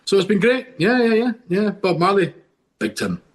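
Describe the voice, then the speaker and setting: A man's voice: sits high, big pitch swings, normal speed. Enthusiastic Scottish man telling stories. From Scotland. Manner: enthusiastic rambling storyteller with many restarts. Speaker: guest. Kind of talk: casual podcast chat.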